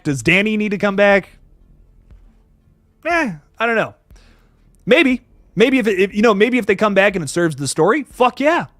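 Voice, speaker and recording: A young man hosting a live stream, talking fast and loose with plenty of swearing and shout-outs to chat. His voice is fairly high and swings widely in pitch. The sound is close and dry. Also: no echo. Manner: animated, swears often, reads chat aloud.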